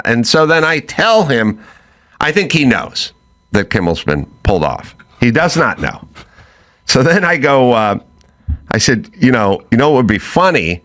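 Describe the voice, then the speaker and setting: A middle-aged man hosting a chat show, telling a story in a loose, animated way and acting out both sides of the quoted talk. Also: medium pitch, moderate pace. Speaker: podcast host.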